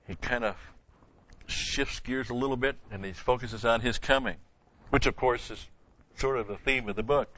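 A man's voice: mid-range voice, moderate pace, a bit bright, lo-fi sound. A man teaching a verse-by-verse Bible lesson, asking the class questions and answering them himself, stressing key words with emphatic repetition.

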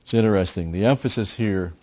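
A man's voice: fairly low pitch, quick pace, mellow, dull audio. A man preaching a Bible teaching sermon, explaining a passage step by step and repeating key phrases. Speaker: pastor.

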